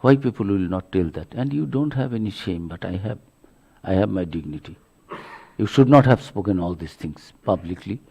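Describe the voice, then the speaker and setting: A man, a monk, giving a religious lecture full of stories, speaking haltingly with many fillers. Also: sits low, expressive, vocal fry, dark tone, breathy edge. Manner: halting delivery, many fillers, acts out quotes.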